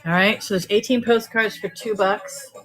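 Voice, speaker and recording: A woman selling postcards on a live-stream auction, talking briskly and joking as she sorts through stacks. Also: mid-range voice, steady tone, low-quality recording. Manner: brisk, joking, thinking aloud while sorting items. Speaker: online auction seller.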